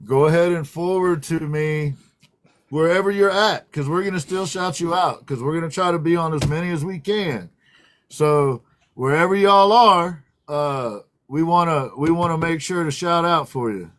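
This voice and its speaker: A man's voice: a little high, moderate pace, fairly bright tone. Rambling man hosting a livestream. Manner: rambling, greets viewers by name. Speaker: livestream co-host. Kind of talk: casual livestream chat.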